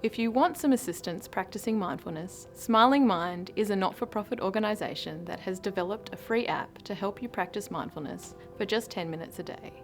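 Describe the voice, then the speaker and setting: An Australian woman narrates scripted health information in a clear, friendly way. Her voice sits at a middle pitch, and music plays behind her. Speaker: program presenter.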